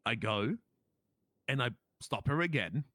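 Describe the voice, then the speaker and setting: A man's voice: mid-range voice, expressive, measured pace, bright, forceful tone, no echo. A man with an Australian accent playing a police officer in a role-play game, telling his story in an indignant, emphatic way.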